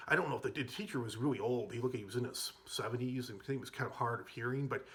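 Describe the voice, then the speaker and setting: A man's voice: mid-range voice, racing, fairly bright tone. A man telling school memories in a rambling, casual way, full of fillers and restarts, with chuckles along the way. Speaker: vlogger telling school stories. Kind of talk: casual storytelling.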